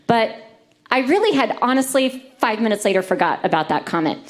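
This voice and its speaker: A woman preaching at a church service, telling personal stories in a lively, conversational way. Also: on the high side, fairly quick. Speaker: church speaker. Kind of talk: sermon with personal storytelling.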